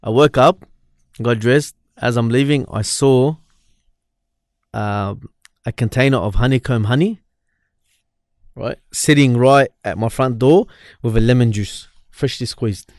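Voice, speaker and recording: Australian man in his thirties, casual and animated storyteller, dry studio sound. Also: medium pitch, unhurried, dry recording. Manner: animated, laughs while telling, acts out dialogue. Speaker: podcast co-host.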